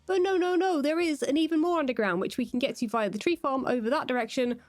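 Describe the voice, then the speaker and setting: A woman's voice: high-pitched, quick pace, dry recording, faint music behind. A British woman giving casual, playful gameplay commentary as a Minecraft YouTuber. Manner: chatty and playful.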